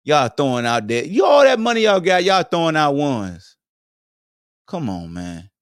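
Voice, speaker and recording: Animated, joking man riffing on camera. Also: unhurried, dry recording, clean studio sound. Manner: animated, joking, slangy, swings between high exclamations and low mutters. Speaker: podcast host. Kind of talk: comedic commentary monologue. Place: home streaming setup.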